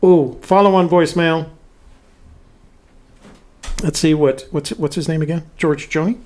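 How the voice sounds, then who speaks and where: A man's voice: fairly high pitch, fairly even intonation, a little slow, a little mellow. A man hosting a casual livestream, reading listener messages aloud and adding dry jokes. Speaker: host.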